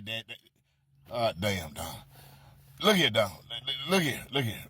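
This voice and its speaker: Brash, mocking man with a husky voice. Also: on the low side, sing-song, unhurried, long pauses, bright, forceful tone, no echo. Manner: brash, mocking, heavy on repetition and cursing. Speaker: comedic storyteller. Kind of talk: profane comedic monologue addressed to an absent person.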